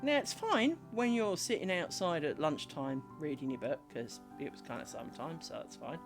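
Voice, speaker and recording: A woman with a low, expressive voice chats casually at a moderate pace on a live craft stream, rambling through stories as she works. She mutters and scolds herself along the way, with music playing in the background.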